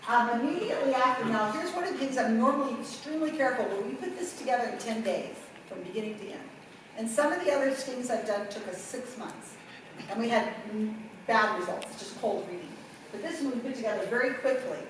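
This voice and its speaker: A middle-aged woman giving a workshop talk, telling a story with lively, acted-out quotes. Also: fairly high pitch, brisk, noisy background. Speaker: workshop presenter. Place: conference room. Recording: echoey room from far off.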